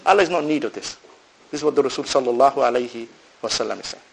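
A mid-range male voice, gravelly with a breathy edge, races through an Islamic sermon on a low-quality recording. Preaching to a live audience, he asks rhetorical questions and answers them himself, works in Arabic religious phrases, and stays animated, alternating loud and soft.

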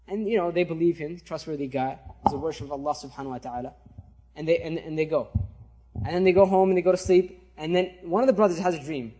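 A man preaches by telling a story and keeps checking in with his listeners. His voice is high-pitched with a husky edge. His delivery stays animated and conversational. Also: fast talker. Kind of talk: sermon storytelling.

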